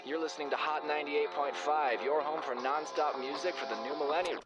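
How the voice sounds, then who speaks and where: An actor playing a pop radio DJ in an indie film, with breezy, gossipy patter. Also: male voice, a little high, fairly even intonation, fairly quick, natural voice. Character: upbeat pop radio DJ, man. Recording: loud music under radio voice.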